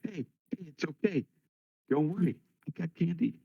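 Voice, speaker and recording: A man's voice: on the high side, expressive, moderate pace, gravelly, breathy edge, highs cut off, voice pushed up, exaggerated voice. A man putting on a coaxing, overfriendly adventurer. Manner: coaxing, overly friendly. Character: clumsy adventurer coaxing a frightened child.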